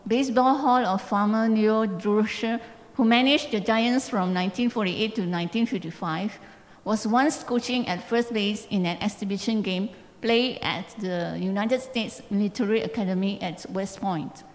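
A woman's voice: mid-range voice, moderate pace. A woman, reading a passage aloud during a church seminar. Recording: long church hall reverb.

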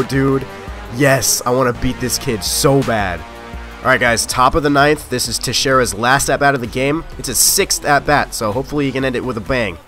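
A young man giving live commentary on his own gameplay, excitable and quick to shout or grumble at the game. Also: medium pitch. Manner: excitable, yelling at the game, frustrated outbursts. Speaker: gaming YouTuber.

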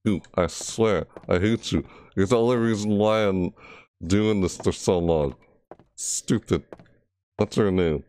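A man's voice: fairly low pitch, unhurried, darkish tone, clear, resonant tone. A man giving live horror game commentary through a VR headset, jumpy and frustrated, often breaking into panicked yelps and shrieks. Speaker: gameplay commentator.

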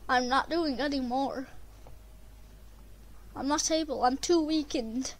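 A woman commentating her gameplay, excitable and prone to screaming when chased. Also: high voice, takes it slowly, long pauses. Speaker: gamer.

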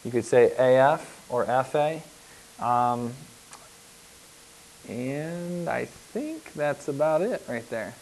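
A man's voice: mid-range voice, expressive, takes it slowly, pauses often, a little mellow, a little hiss or hum, poor audio. A man teaching a geometry lesson as a recorded lecture, patient and repetitive, with frequent fillers as he walks through examples on the board. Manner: patient, repeats himself, frequent "uh" and "okay". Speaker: math teacher.

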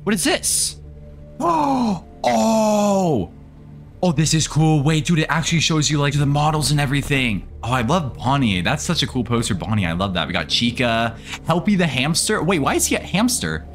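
A man's voice: mid-range voice, lively intonation, a little fast, few pauses, a bit bright, faint music behind. A young man giving casual let's-play commentary on a horror game, nervous and jittery, talking to the monsters and his viewers. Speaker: gaming video creator.

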